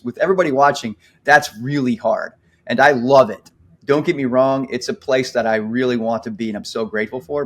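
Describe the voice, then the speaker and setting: A man in his forties co-hosting a podcast, talking earnestly and reflectively and acting out his own inner thoughts. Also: medium pitch. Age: 40s. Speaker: podcast co-host. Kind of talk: casual podcast conversation.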